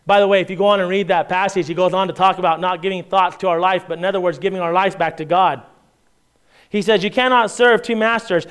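Man preaching in a smooth voice. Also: sits high, steady tone, quick pace, a bit bright. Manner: conversational preaching with frequent "right?" asides and restarts; reads scripture aloud in King James style. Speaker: pastor. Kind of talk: sermon.

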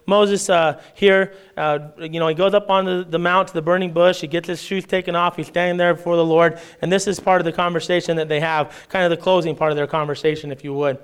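A man preaching a sermon, reading scripture aloud and breaking off into lively casual asides and paraphrase. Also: fairly high pitch, a little fast, few pauses, clear, resonant tone.

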